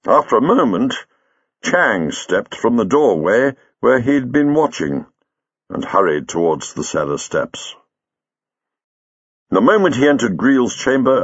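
A male narrator reads a dramatic story in a measured, expressive way, his pitch swinging freely while he leans into tension. His tone is slightly husky, and the dry studio sound is a little dull and muffled. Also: no room sound. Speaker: audiobook narrator.

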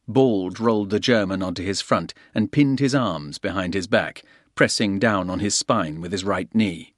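A man narrating a thriller audiobook in a steady, brisk reading. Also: deep voice, dry recording, clean studio sound. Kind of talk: scripted narration.

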